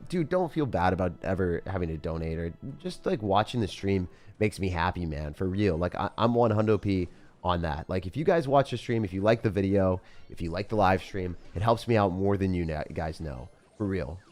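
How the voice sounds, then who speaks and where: A man giving live gameplay commentary as a streamer, casual and jokey, with sudden loud excited outbursts. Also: low voice, brisk, faint music behind. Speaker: game streamer.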